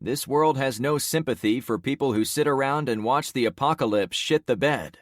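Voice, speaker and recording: A man voicing a blunt survivor leader rallying a crowd, forceful and commanding. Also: mid-range voice, moderate pace, no room sound, clean studio sound, pitched above the performer's own voice, natural voice.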